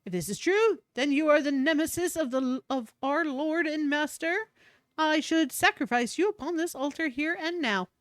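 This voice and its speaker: A woman's voice: sits high, normal speed, dry recording, studio quality, close to an everyday voice. A woman reading a fanatical cult priestess's game lines aloud in a pompous, theatrical voice. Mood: indignant.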